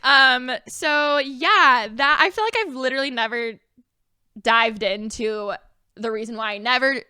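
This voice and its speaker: A young woman in her twenties co-hosting a casual podcast, telling stories in a bubbly, filler-heavy way. Her voice is bright and a little high. The sound is dry and close. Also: measured pace, smooth, no room sound. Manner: chatty, bubbly storytelling with many fillers. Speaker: podcast co-host. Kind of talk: casual chat.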